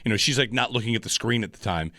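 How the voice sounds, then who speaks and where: A man's voice: lowish voice, rapid-fire, pushed and bright, no echo, clean studio sound. A man hosting a sports talk radio show, analyzing the game in a rambling, frustrated way with frequent restarts.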